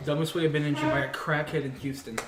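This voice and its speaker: A young man quickly and excitedly telling a profane story to friends. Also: on the high side, over a noisy crowd. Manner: rapid, excitable, swears a lot. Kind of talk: casual storytelling among friends. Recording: echoey room, mic far off, faint noise.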